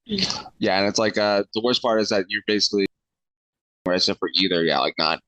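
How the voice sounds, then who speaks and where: A man's voice: on the low side, fairly quick, fairly bright tone, no room sound, rough recording. A male podcast guest explaining history in a hesitant way, with many fillers. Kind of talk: casual podcast chat.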